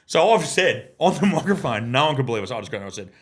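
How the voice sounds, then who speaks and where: A man's voice: medium pitch, sing-song, quick pace, a bit bright, a little hiss or hum. An Australian man, a guest and former ground announcer, telling stories in a casual podcast chat, swearing freely and acting out what other people said. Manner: swears freely and acts out other people's lines in his anecdotes. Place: podcast studio.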